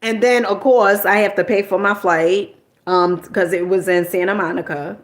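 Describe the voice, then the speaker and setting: A woman's voice: mid-range voice, fairly even intonation, moderate pace. A middle-aged woman from New Jersey telling a personal story in a casual, colloquial way, tossing in "okay?" and mild swearing.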